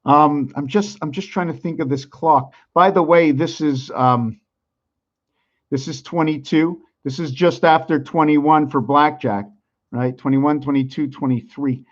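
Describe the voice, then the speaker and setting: A man's voice: a little high, fairly even intonation. Musing man talking to himself, lo-fi. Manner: musing aloud, rhetorical questions, counting numbers slowly; sometimes loud and worked up. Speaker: channel host. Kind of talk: rambling monologue vlog.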